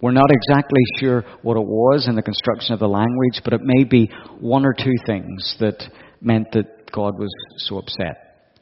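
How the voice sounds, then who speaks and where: A man's voice: medium pitch, normal speed. A man preaching a sermon in a reflective way, often putting questions to his listeners. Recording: dull audio with long hall reverb.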